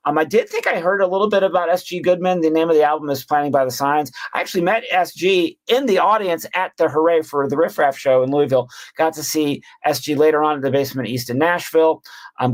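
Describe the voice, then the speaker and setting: A man on a panel, ranking his favorite albums of the year in a rambling, enthusiastic way full of ums and restarts. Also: a little high. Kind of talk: casual roundtable chat.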